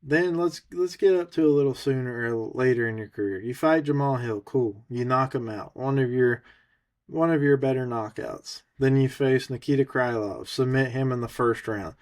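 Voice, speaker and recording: A man's voice: medium pitch, normal speed, darkish tone. A man co-hosting a fight podcast, launching into a sarcastic, cutting rant. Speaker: podcast co-host. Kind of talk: mocking rant.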